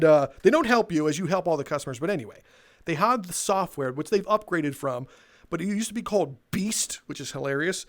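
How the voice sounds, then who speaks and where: A man's voice: fairly high pitch, expressive, a little fast. A young man telling a sarcastic, exasperated, swear-filled comedic rant as he walks around. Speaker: comedic storyteller. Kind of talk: profane comedic rant, walking tour.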